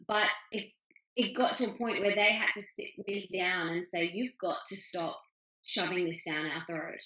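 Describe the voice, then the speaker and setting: An author, a woman with a mid-range and slightly bright voice, answers interview questions over a video call. She speaks enthusiastically and acts out things her family said. The call audio sounds roomy.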